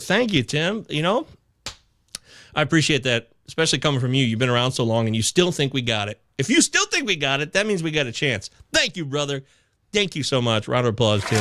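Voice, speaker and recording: A man hosting a live fantasy baseball chat show, reading viewer comments aloud with excitable, casually profane banter. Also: a little high. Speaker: fantasy baseball podcast host.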